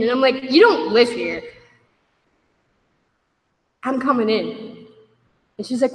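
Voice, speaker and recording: A woman's voice: on the high side, lively intonation, slow, pauses often. A woman giving a candid personal testimony to a group, wry at her own past and acting out the voices of others as she tells it. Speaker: speaker sharing a recovery story. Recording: echoey hall.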